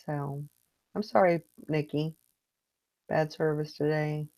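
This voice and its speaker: A woman hosts a casual online morning chat in a low, unhurried voice. She rambles through stories, often restarting her sentences. The sound is dry and close, with no room echo. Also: fairly even intonation, gravelly, warm tone. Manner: rambling, chatty storytelling with restarts. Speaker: host of a morning hangout show. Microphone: online video hangout.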